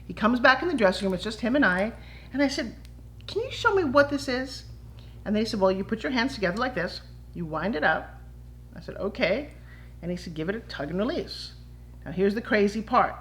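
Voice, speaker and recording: A middle-aged woman, a fitness entrepreneur, telling her personal story to camera in a lively way and acting out the quoted voices. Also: medium pitch. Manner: animated, acts out quoted voices.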